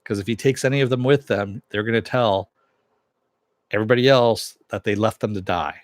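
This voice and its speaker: A man's voice: fairly low pitch, a little fast, no echo, studio quality. A man recapping a TV episode in a casual, rambling monologue, retelling scenes in quoted dialogue with plenty of swearing. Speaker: TV episode reviewer.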